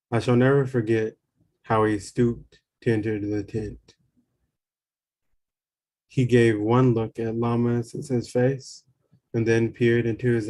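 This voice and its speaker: A man reading a spiritual memoir aloud in a calm, measured way. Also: medium pitch. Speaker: reader.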